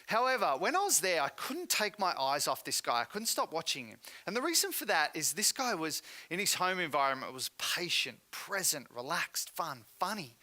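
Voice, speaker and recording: Middle-aged man, presenter, lively storytelling, bright voice. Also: on the high side. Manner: animated, acts out the people he quotes. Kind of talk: storytelling keynote talk.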